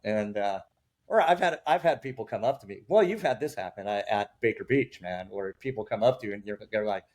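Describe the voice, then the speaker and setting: A man hosting a podcast, a dog trainer who tells lively stories and acts out his clients' lines. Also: on the low side, a little fast. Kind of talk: casual podcast chat.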